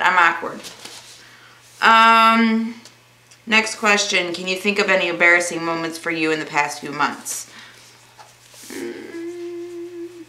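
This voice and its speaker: Young female vlogger, bright and tense tone, casual and awkward, roomy echo. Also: on the low side. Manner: self-described awkward, rambling, laughs easily. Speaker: vlogger answering viewer questions. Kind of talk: casual Q&A vlog.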